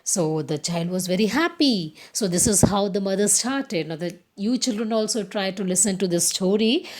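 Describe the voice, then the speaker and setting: A woman teacher, telling a story to young children, explaining slowly and asking the class questions. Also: mid-range voice, lively intonation, darkish tone.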